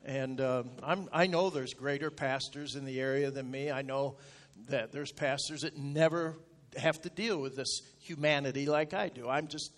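A middle-aged male pastor telling a personal story in a sermon, in a folksy, self-deprecating way that gets animated as he retells his anger. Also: mid-range voice, moderate pace. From rural upstate New York.

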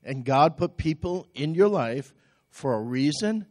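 A man's voice: on the high side, expressive, unhurried, a little mellow, dry recording, studio quality. A male pastor preaching a sermon emphatically, stressing single words and drawing out his phrases.

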